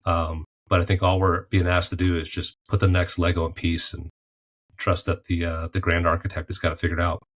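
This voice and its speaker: A former golf pro turned artist, appearing as a podcast guest, reflects conversationally on life through golf and faith analogies. His low voice is completely flat, a little fast and a bit bright.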